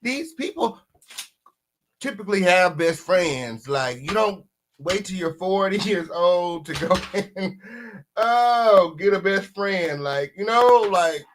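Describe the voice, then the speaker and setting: Speaking at a slow pace, a man hosts reaction commentary on a diss track. He sounds sassy and lively, alternating between shouting and low mutters, and he invites the chat to vote.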